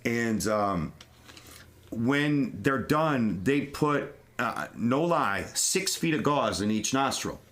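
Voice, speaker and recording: A man co-hosting a podcast in casual banter, rambling with restarts and breaking into loud laughs. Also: mid-range voice, lively intonation, slow. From Italian-American. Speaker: podcast co-host.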